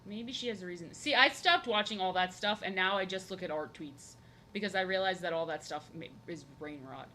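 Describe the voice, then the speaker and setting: A woman's voice: a little fast, bright, forceful tone. A young woman chatting casually while drawing on a live stream, rambling and talking to her cat. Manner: rambling, chatty, talks to her cat in a high sing-song. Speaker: art streamer.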